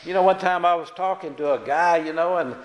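A man's voice: sits high, steady tone, a little fast. A man preaching a sermon in a church, folksy and plain-spoken, often checking in with the congregation through tag questions. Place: church sanctuary. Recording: echoey hall reverb.

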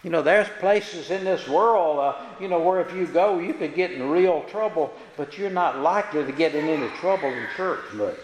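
Guy preaching in a church, high voice, folksy, keeps asking "didn't he?", big echoey room. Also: normal speed, hardly any pauses, slight background noise. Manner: folksy, leans on tag questions to the congregation. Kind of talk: sermon. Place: church sanctuary. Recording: echoey hall reverb.

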